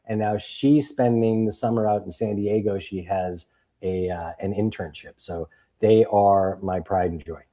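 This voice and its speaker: A man's voice: lowish voice, a little slow. A man in his fifties from Boston, a guest author and coach telling stories in a casual interview and acting out the voices of people he quotes. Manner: animated storyteller who acts out quoted voices.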